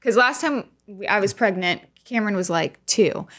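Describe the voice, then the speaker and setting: A woman in her thirties, a podcast guest, talking gently and hesitantly in casual chat. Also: mid-range voice, expressive, moderate pace.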